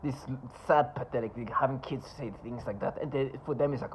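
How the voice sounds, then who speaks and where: A man's voice: medium pitch, fairly even intonation, a little hiss or hum, poor audio. A man talking to camera in a rambling monologue, scornful and sarcastic, often stopping and restarting. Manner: halting, with many restarts and asides. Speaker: vlogger.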